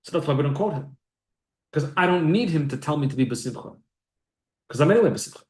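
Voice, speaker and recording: A man's voice: a little high, expressive, brisk. A man teaching a Torah class, reading and explaining sources aloud and asking and answering his own questions. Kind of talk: text-based Torah class. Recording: echoey room.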